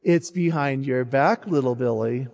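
A man voicing a mother who gently coaxes her small son to share his toy. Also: medium pitch, measured pace, creaky, big-room sound, pitched below the performer's own voice. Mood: coaxing. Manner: coaxing, gently firm.

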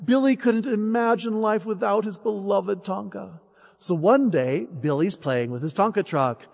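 A man with a high voice, preaching a sermon and telling a story in an animated way. His voice rings with a long reverb, as if from a large church. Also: a little slow, creaky. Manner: animated, acts out story characters. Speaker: preacher at a parish mission.

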